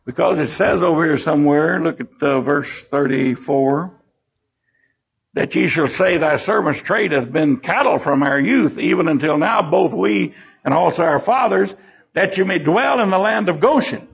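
A man's voice: fairly high pitch, lively intonation, normal speed, vocal fry, husky. An older man teaching a Bible lesson in a folksy, emotional way, acting out the scenes as he goes. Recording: dull lo-fi recording.

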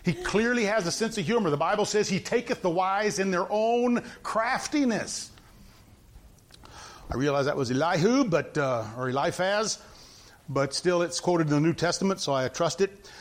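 A man with a high voice preaches in a relaxed, talky way. He moves between reading scripture and plain-spoken commentary. He hammers his points home by repeating them. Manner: emphatic, repeats points, quick asides to the congregation. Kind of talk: conversational sermon with scripture reading.

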